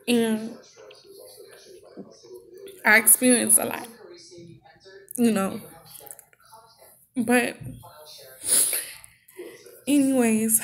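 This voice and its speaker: A young woman in a tearful, heartfelt personal vlog, speaking in halting bursts with many restarts. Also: medium pitch, creaky. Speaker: vlogger.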